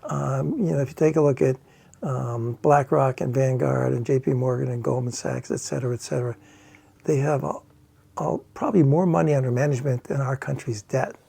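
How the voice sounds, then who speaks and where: A man dealing bullion talks in a halting, casual way. His voice is gravelly and husky, with a dark, mellow tone. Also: mid-range voice, fairly even intonation. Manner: halting, with many fillers. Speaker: bullion dealer. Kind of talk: casual chat.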